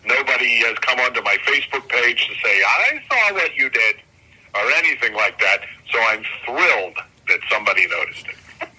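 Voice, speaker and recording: A man's voice: medium pitch, fairly quick, sharp tone, breathy edge, poor audio. An older man, a comic artist guest, talking casually and enthusiastically in an interview, often restarting his sentences. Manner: rambling, self-correcting, enthusiastic.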